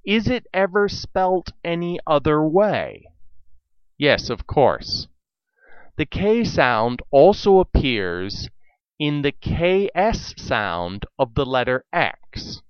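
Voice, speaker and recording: Man, scripted spelling lesson, lively intonation, spells letters out one by one, dry dull lo-fi recording. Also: on the high side, slow, clear, resonant tone, dry recording. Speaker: spelling teacher.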